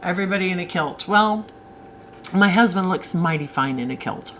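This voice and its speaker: A woman's voice: fairly low pitch, normal speed, slight background noise, rough recording. A woman author hosting a casual live stream, chatting and answering viewer comments as they come in.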